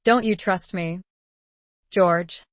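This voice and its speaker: A woman's voice: lowish voice, steady tone, takes it slowly, dry recording. A woman reading the lines of a teasing aristocratic male pirate captain, with a drawling, mocking manner.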